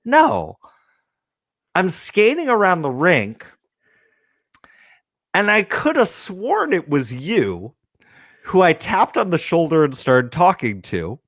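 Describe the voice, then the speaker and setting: Man voicing a chatty amused teen sister, lively pitch, slow and dry. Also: dry recording, heavily acted.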